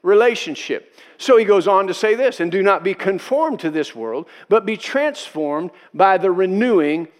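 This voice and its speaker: Male pastor, high-pitched, emphatic preaching, repeats lines for emphasis, slips into quoted voices. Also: expressive, moderate pace. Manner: emphatic, repeats key phrases for effect. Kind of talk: sermon.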